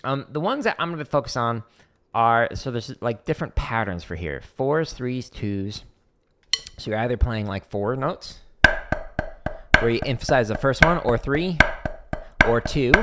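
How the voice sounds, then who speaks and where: A man hosting a drum practice livestream, explaining patterns in a loose, conversational way. His voice sits at a middle pitch, and he talks through each exercise while he demonstrates it. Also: lively intonation, unhurried, very noisy. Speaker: drum teacher streaming practice. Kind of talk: casual livestream instruction.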